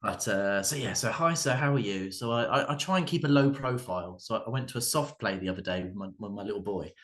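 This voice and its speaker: A man, performing a stand-up comedy set in a halting way, with many fillers, restarts and dry asides. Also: on the low side, fairly bright tone. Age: 30s.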